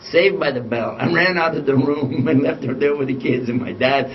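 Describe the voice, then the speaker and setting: A man giving a lecture as a folksy, animated storyteller who chuckles through his anecdotes. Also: medium pitch, moderate pace, a little hiss or hum. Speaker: Islamic lecturer. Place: lecture hall. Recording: distant, muffled lecture recording.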